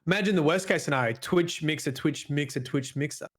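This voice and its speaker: A man's voice: fairly high pitch, fairly quick, fairly bright tone. An Australian man co-hosting a gaming podcast, musing aloud and restarting his sentences often. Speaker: podcast co-host. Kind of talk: casual chat.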